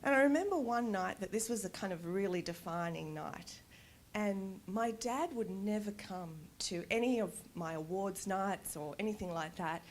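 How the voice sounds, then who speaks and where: A middle-aged woman giving a conference talk, telling personal stories in a candid, animated way and laughing often. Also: mid-range voice, moderate pace. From Australia. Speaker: conference speaker. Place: conference stage.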